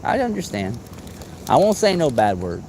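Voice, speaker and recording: A man hosting a live fishing stream, chatting casually and excitably, teasing friends and whooping. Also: medium pitch, normal speed, a little hiss or hum. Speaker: fishing livestream host.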